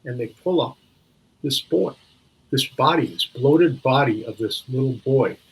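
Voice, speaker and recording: A man's voice: mid-range voice, expressive, a little slow, husky, low-quality recording. An older man from Minneapolis, a guest on an interview show, recalling stories reflectively and searching for words with frequent restarts. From Minneapolis, USA. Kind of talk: reflective storytelling.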